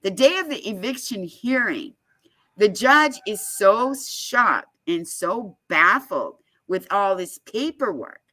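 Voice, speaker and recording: A woman explains at an unhurried pace, leaning hard on her points. Her voice is bright and forward. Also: mid-range voice, animated. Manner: emphatic storyteller, laughs often. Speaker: guest speaker on foreclosure fraud. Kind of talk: casual explanatory talk.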